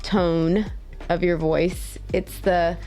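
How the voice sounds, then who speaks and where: A woman's voice: lowish voice, flat delivery, extremely slow, mellow, soft background music. A woman co-hosting a live stream show in casual chat, playful and teasing, laughing often.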